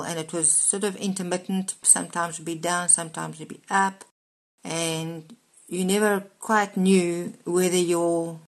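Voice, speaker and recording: A woman preacher giving a measured, explanatory Bible teaching monologue as part of her daily devotional messages. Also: fairly low pitch, low-quality recording. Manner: measured, explanatory, spells out words letter by letter.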